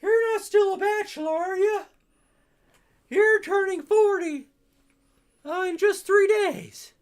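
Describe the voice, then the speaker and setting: A man putting on the voice of a frail, fussy old woman in a game, high and quavering. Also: slow. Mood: fretful.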